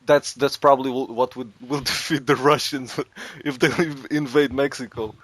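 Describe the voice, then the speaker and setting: A man's voice: mid-range voice, fairly even intonation, moderate pace, a bit bright, no room sound. A man in casual comedic chat, joking, laughing often and stammering through restarts.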